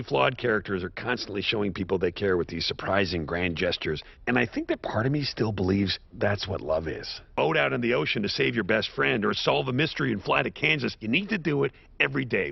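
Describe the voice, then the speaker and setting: Brief: a sardonic, self-loathing cartoon horse, deep gravelly voice, swings between low mutters and high outbursts. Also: male voice, big pitch swings, fairly quick, no room sound, exaggerated voice. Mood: raw grief. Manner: sardonic, self-mocking delivery with sudden high-pitched outbursts. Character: washed-up horse sitcom star, bitter, self-loathing, sardonic. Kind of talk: animated series voice acting. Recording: dull lo-fi show audio.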